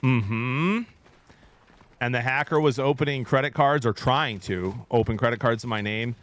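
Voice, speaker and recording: A man's voice: mid-range voice, normal speed, fairly bright tone. A man in his thirties, a streamer, telling a rambling story in casual chat with his viewers.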